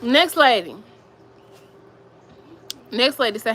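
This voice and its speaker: A woman's voice: mid-range voice, moderate pace, bright, forceful tone, a little hiss or hum, rough recording. A woman vlogger, telling viewers about strangers asking her for help, emotional and rambling, repeating herself. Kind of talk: casual storytelling to viewers.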